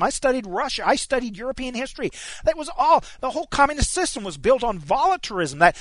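A man's voice: extremely high pitch, fairly bright tone, no echo. A man preaching a sermon, emphatic and stopping often to restart his words. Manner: emphatic, frequent stammered restarts.

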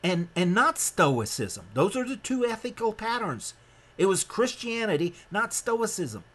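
A man's voice: big pitch swings, a little slow, fairly bright tone. A man from Nebraska delivers a heated sermon-style lecture in a slightly raised voice. He talks emphatically and in a rambling way, doubling back on his words and restarting sentences as he pushes his point. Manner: emphatic and rambling, with frequent restarts and sudden rises in pitch.

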